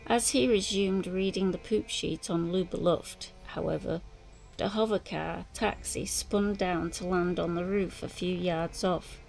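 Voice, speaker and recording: A woman reading an audiobook in measured, scripted narration. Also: lowish voice, fairly even intonation, gravelly, darkish tone, rough recording. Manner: slow, measured reading with voiced dialogue. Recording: music bed under narration.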